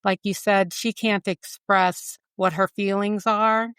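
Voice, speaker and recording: A middle-aged woman host with a smooth, resonant voice and a flat, even delivery. She agrees with her guest and ties the talk back to her own experience. The sound is dry and close to the mic. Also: medium pitch, slow, no room sound. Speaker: podcast host. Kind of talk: conversational podcast interview.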